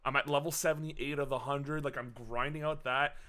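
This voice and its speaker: A man co-hosting a casual gaming podcast, talking in an animated way, swearing freely and filling his talk with "uh" and restarts. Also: fairly high pitch, a little fast. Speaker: podcast co-host.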